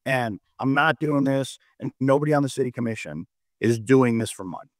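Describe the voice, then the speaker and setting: A middle-aged mayor, a man from North Dakota, talks through a casual discussion in a voice of medium pitch. He stumbles and repeats words as he tells a story. The sound is dry and close. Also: fairly quick, dry recording. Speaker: mayor, guest.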